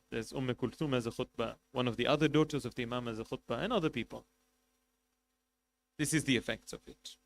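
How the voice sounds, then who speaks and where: A man preaching a sermon, telling a story with passion, swinging between loud emphasis and quiet asides, and reciting Arabic quickly before translating it. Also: medium pitch, gravelly, a little hiss or hum. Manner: recites Arabic passages rapidly, then translates. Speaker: sheikh preaching at a mourning gathering.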